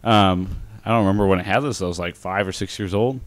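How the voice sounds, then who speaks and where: A man's voice: low voice, fast talker, no echo. A young man from Northern California telling rambling, joking stories on a casual podcast. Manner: rambling, joking, laughs at his own stories. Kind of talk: casual group chat, storytelling.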